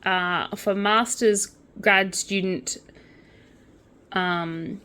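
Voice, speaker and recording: A young woman runs a laid-back channel mixing crochet with true crime, reading news stories aloud and tossing in chatty asides while quietly counting under her breath. Her voice is medium-pitched, steady, clear and resonant, and she draws out her words.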